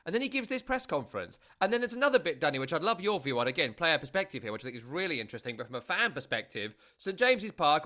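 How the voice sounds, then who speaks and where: A man's voice: on the high side, bright, forceful tone. A British man co-hosting a casual football chat, rambling and chatty with many fillers. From Britain. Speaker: podcast co-host.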